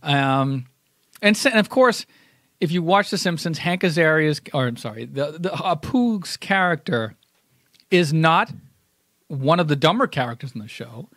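A man's voice: a little high, lively intonation, moderate pace, fairly bright tone, dry recording, clean studio sound. A man co-hosting a casual podcast, explaining his view at length with many restarts and rephrasings. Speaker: podcast co-host. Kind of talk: casual chat.

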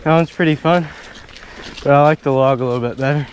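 A man's voice: fairly high pitch, fairly quick. A man casually chatting while riding his mountain bike on wooded trails, talking into an action camera outdoors. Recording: noisy outdoor action-cam audio.

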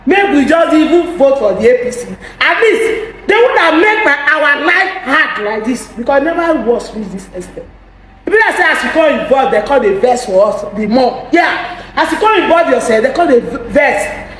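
A young Nigerian woman in a comic rant, speaking Pidgin-accented English in an agitated, exclaiming way and often shouting. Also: high voice, expressive, moderate pace. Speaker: vlogger. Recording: very echoey room.

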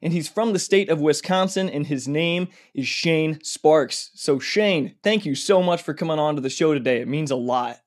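A man hosting a podcast who introduces his guest in a scripted way, then chats casually. He is friendly and laughs along with the stories. His voice sits a bit higher than most men's. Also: normal speed, few pauses. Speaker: podcast host.

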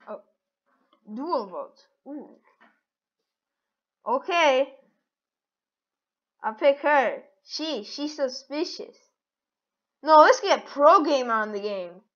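Giggly excitable woman, dull lo-fi audio. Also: sits high, slow pace, pauses often. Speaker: gaming channel host. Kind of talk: casual game commentary.

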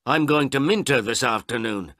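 A man's voice: mid-range voice, lively intonation, moderate pace, a bit bright, dry recording, studio quality, voice pushed up. A man voicing a poor old village man who pleads urgently and insistently. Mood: pleading, insistent.

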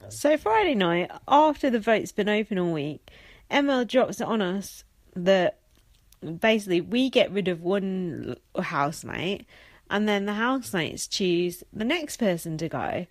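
A woman's voice: medium pitch, animated, unhurried, dry recording. A young woman talks through a reality show on her own, blunt and sarcastic, swearing freely. Her voice sits in a middle range and is recorded close in a very dry space. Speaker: reality TV commentator. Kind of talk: casual solo recap chat.

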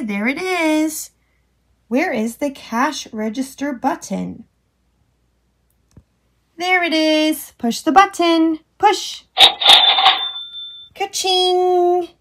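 A woman teacher reading a farm picture book aloud to children, acting out sound effects and asking the child to find things on the page. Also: high-pitched. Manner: slow, sing-song, making animal and machine sound effects; asks the child questions and prompts button pushes. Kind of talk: children's storytime read-aloud.

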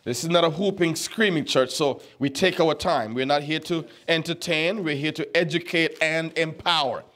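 A man's voice: fairly high pitch, moderate pace, a bit bright. A man pastor giving a conversational teaching sermon, telling stories, repeating words and quizzing the congregation.

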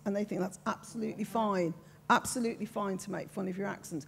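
An older woman with a strong Brummie accent talks on a discussion panel, frank, emphatic and sure of herself. Her voice has a gravelly, husky edge. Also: medium pitch, fairly even intonation, fairly quick, a little mellow. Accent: Birmingham. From Birmingham, England. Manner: frank, emphatic, self-assured.

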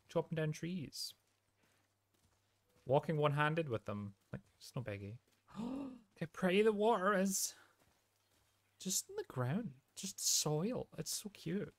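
A young man streaming a video game, giving animated, joking commentary and swearing freely. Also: fairly high pitch, unhurried, pauses often. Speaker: let's play streamer. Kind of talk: casual gaming commentary.

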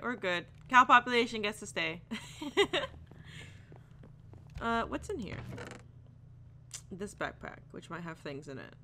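A let's player chats casually while gaming, giggling, talking to the animals and dropping into silly voices. Her voice is fairly low, bright and forceful, with a slight hiss or hum behind it.

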